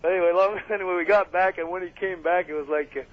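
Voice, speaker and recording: A man's voice: high voice, steady tone, fast talker. Rambling man on a muffled radio line. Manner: rambling with many fillers and laughs. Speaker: wrestler guest. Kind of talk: casual storytelling interview. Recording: muffled radio broadcast with faint hiss.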